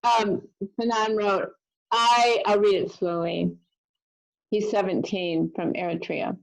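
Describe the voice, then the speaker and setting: A woman on a video call, chatting casually as a guest speaker and reading poetry slowly and deliberately. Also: medium pitch, fairly even intonation, creaky, low-quality recording.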